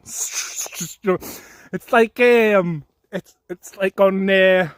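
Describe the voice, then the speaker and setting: A man's voice: high voice, slow, smooth, no room sound, studio quality. A man in an angry, profane monologue, mocking his critics and laughing at them.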